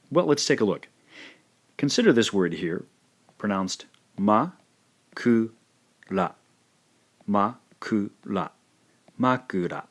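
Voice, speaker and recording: A man teaching a language lesson, patiently saying each sound twice in a careful, drawn-out way. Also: low voice. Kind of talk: slow, careful spoken lesson.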